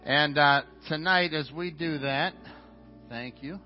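A man's voice: fairly high pitch, takes it slowly. A man preaching as pastor in a church sanctuary, earnest, often restarting and repeating words. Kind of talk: sermon. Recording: dull, muffled sound with faint music.

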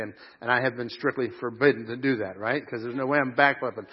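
A man preaching a sermon at a live church service, animated, swinging from loud shouts of joy to quiet asides. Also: mid-range voice, fast, few pauses, slightly rough, highs cut off. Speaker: pastor.

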